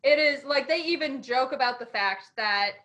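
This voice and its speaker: A woman's voice: sits high, moderate pace, pushed and bright. A woman co-hosting a casual podcast chat, talking emphatically and swearing freely. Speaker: podcast co-host.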